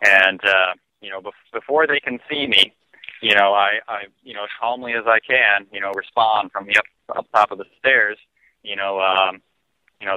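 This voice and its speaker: Low-voiced man, radio guest recounting events, measured and hesitant, heavy on fillers; dull, dry lo-fi sound. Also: no echo. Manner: calm, halting, full of "you know" fillers. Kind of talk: personal story told on talk radio. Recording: dull lo-fi dry broadcast audio.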